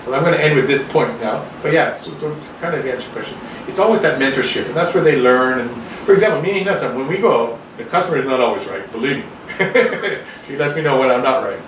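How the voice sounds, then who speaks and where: A man from Canada giving a casual talk to a small audience in a restaurant, rambling and animated, often acting out other people's voices. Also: mid-range voice, quick pace. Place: restaurant room. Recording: echoey room, distant mic, background noise.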